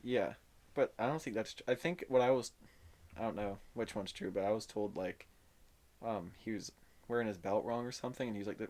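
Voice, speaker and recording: A man's voice: lowish voice, a little fast, a little mellow. A young man co-hosting a podcast, chatting in a laid-back way with chuckles. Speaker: podcast co-host. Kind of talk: casual chat.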